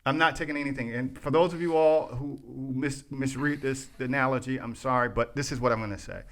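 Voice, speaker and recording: A man's voice: medium pitch, steady tone, fairly quick, a bit bright. A man co-hosting a podcast, ranting in casual chat, restarting phrases and talking straight to his listeners. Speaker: podcast co-host.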